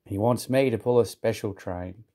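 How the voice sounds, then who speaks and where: A man's voice: on the low side, moderate pace, warm tone, lightly acted. A man voicing a conceited, sulky male steam engine in a haughty tone.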